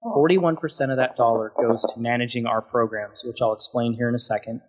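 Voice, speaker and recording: A man's voice: mid-range voice, fairly even intonation, brisk. A man speaking as a guest on an interview podcast, passionate and emphatic as he talks through his thoughts.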